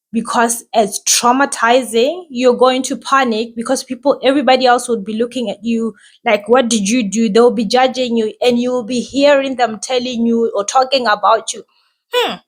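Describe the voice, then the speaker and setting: Mom podcast host chatting about toddlers, kinda high voice, reassuring, keeps saying "right?". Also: female voice. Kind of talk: casual advice talk.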